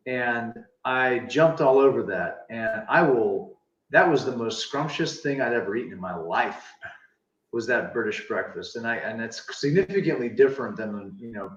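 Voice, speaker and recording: A man's voice: medium pitch, measured pace. Rambling man, echoey off-mic sound. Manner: animated, reads viewer comments aloud, rambling anecdotes. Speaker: livestream co-host. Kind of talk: casual livestream chat. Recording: roomy, distant, dull sound.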